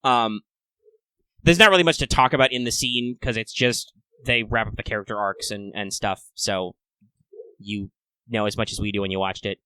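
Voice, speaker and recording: Male podcast co-host, bright tone, dry close sound, chatty and playful. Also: fairly low pitch, moderate pace, clean tone, no room sound. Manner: chatty, playful and upbeat, with excited asides. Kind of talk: casual fan discussion podcast.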